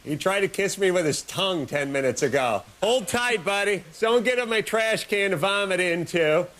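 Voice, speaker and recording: A man's voice: high voice, normal speed. A man hosting a late-night show, delivering a rambling, sarcastic comic monologue. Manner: sarcastic, rambling, deadpan jokes.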